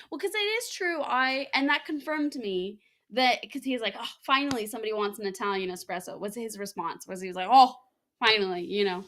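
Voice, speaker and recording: A woman of medium pitch co-hosting a podcast, chatting casually. She tells stories at an easy pace and fills them with "um" and "like". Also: a little fast, a bit bright. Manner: chatty, many fillers like "um" and "like". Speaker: podcast co-host. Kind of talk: casual storytelling chat. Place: living in France.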